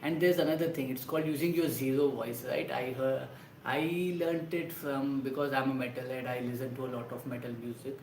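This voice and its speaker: A man, an actor casually talking a livestream through voice exercises in loose, halting sentences full of restarts. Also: medium pitch, steady tone, a little mellow, a little hiss or hum. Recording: roomy echo with faint ambience.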